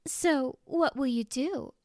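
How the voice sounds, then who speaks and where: A cocky, capricious teenage girl schemer speaks in a shrill, high voice, as a woman reads her. She flips between bubbly teasing and flat deadpan. The sound of this fan audiobook is dry and close, with no room in it. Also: slow pace, dry recording. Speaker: audiobook voice actor. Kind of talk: fan audiobook character reading.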